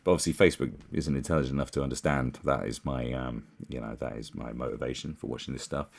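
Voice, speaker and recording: A man's voice: very deep voice, quick pace, gravelly. A man giving casual commentary, rambling and scornful, with many fillers and restarts. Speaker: commentary YouTuber.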